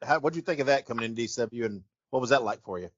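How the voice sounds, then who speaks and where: A man hosting a podcast who asks quick, halting interview questions. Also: medium pitch, dry recording. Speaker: podcast host. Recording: dull lo-fi, dry.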